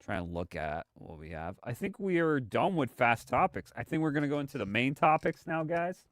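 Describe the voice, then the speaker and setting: A man's voice: mid-range voice, sing-song, normal speed, dry recording, studio quality. A man casually commenting on a live stream, rambling and hesitant with plenty of fillers.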